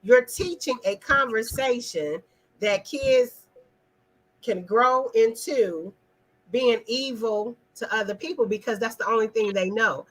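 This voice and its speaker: A woman's voice: a little high, slow, rough recording. A woman hosting an online live talk, speaking emphatically in a casual, preachy way and addressing viewers in the chat. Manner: emphatic, preachy, asks the audience questions; talks directly to viewers in the chat.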